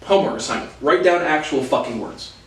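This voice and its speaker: A man's voice: on the high side, animated, fairly quick. Profane ranting man, roomy and distant. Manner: profane, angry and insulting; repeats and restarts phrases. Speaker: video host. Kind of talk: ranting monologue to camera. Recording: roomy sound from a distant mic.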